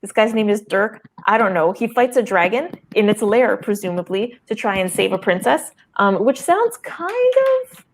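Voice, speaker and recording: A woman comedian on a comedy game show, making a wry, deadpan pitch with dry asides. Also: normal speed, hardly any pauses, a little hiss or hum. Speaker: comedian panelist and co-host.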